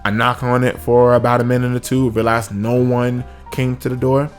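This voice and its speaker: A man telling a comic story from his own life, with sudden high-pitched exclamations. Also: little pitch movement, moderate pace. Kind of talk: comedic story time. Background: faint music.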